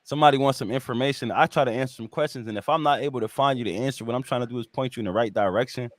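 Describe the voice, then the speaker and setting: A male interviewer asks long, winding questions in a loose, slangy, animated way. He talks quickly, and his voice sits mid-range for a man. The recording is dry and close. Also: mid-range voice, no room sound. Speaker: podcast host, interviewer. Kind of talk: casual interview conversation.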